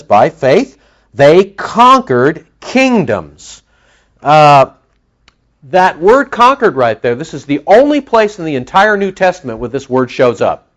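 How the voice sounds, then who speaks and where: A man preaching a sermon, teaching with rhetorical questions to his congregation. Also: on the high side.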